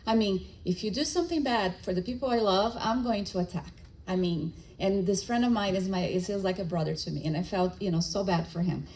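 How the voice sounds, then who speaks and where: A woman's voice: medium pitch, poor audio. A middle-aged woman giving a spiritist lecture, telling stories and acting out the dialogue, with frequent restarts. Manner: animated storytelling with acted-out dialogue.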